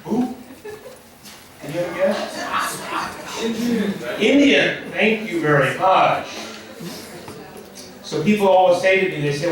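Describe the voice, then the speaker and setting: A man's voice: high-pitched, measured pace, pauses often, a crowd in the background. A man in his forties doing a stand-up set, wry and dry, chatting with the audience. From Nigeria. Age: 40s. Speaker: stand-up comedian. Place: comedy club stage. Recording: echoey club room from far off.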